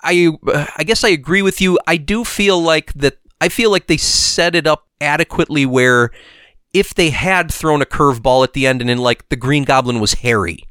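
A man's voice: a little high, normal speed, a bit bright, clean tone, dry recording, studio quality. A man co-hosting a podcast, chatting casually about a cartoon episode with frequent restarts and affirming noises. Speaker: podcast co-host. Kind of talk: casual chat.

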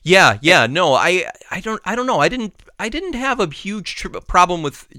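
A man co-hosting a podcast, chatting casually and rambling through restarts. His voice is bright and fairly high, and the recording is close and dry. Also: sing-song, normal speed, no room sound. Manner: rambling, many restarts, laughs easily. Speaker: podcast co-host. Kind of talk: casual chat.

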